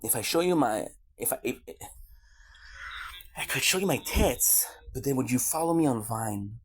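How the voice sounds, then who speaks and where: A man's voice: medium pitch, animated, moderate pace, breathy edge. A man from Quebec, Canada, in a casual streamer monologue, rambling on goofy side tangents with swearing and jokes.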